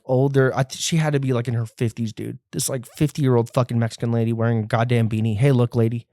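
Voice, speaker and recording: A young man hosting a podcast, ranting in a profane, rambling and animated way. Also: medium pitch, no echo, clean studio sound. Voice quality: sounds like a white guy, by his own account. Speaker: podcast host. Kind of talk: casual rant.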